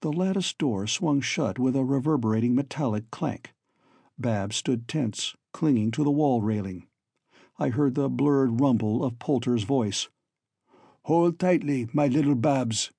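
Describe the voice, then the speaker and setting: A man narrating a story in the first person as an audiobook reader, in a measured, steady storytelling manner. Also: medium pitch, vocal fry, husky, no room sound.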